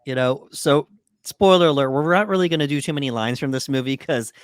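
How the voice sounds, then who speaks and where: A man's voice: mid-range voice, brisk, smooth, no echo, studio quality. A man co-hosting a podcast, casually walking through a horror movie in a laid-back way with lots of fillers. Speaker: podcast co-host. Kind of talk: casual movie breakdown chat.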